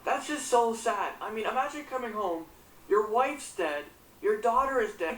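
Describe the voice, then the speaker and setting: A woman's voice: a little high, expressive, fairly quick, a bit bright, distant mic. A woman recounting a news story and reacting with indignation and frequent swearing. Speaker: commentator. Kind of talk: reaction commentary. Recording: roomy echo, off-mic, faint hum.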